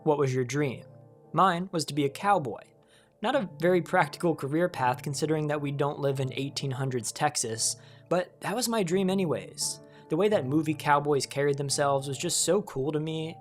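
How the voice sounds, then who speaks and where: A calm narrator speaking a reflective, scripted voice-over at a medium pitch. The delivery stays conversational and unhurried, with faint music playing softly underneath. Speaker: video essayist.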